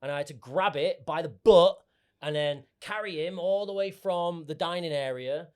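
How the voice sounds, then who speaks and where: A British man co-hosting a podcast, a loud, animated storyteller in casual chat. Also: fairly high pitch, normal speed, clean tone. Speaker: podcast co-host.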